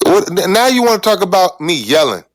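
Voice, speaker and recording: A man co-hosting a podcast, arguing loudly and insistently in a heated debate. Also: high-pitched, big pitch swings, a little fast, no echo. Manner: loud, insistent, yelling. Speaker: podcast co-host.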